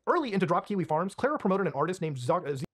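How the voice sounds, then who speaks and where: Rapid, lively documentary narrator. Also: medium pitch.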